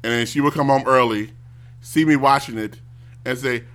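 Bright-voiced man ranting animatedly. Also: medium pitch, normal speed. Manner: animated, mocks others in loud exaggerated voices. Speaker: streamer. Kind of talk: casual ranting commentary.

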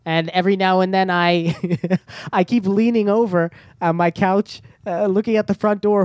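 A man hosting a casual podcast, rambling nervously with plenty of ums and jokes at his own expense. His voice sits a little high for a man, recorded dry and close to the mic. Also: a little mellow, no echo. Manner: nervous, self-deprecating, rambling with many fillers. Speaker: podcast host. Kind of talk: casual solo podcast chat.

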